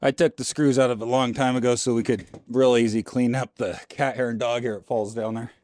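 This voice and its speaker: A man's voice: medium pitch, little pitch movement, a little fast, darkish tone. A man vlogging from inside his RV, talking casually to himself and his viewers while he works, grumbling and folksy, into a handheld mic. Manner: folksy and informal. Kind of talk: casual vlog talk.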